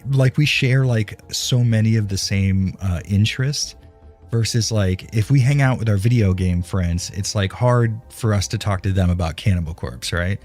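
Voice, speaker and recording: A man's voice: fairly low pitch, moderate pace, darkish tone, faint music behind. A man live-streaming and chatting casually with his viewers, rambling and swearing freely as he answers chat, speaking close into a dynamic broadcast mic at a home streaming setup.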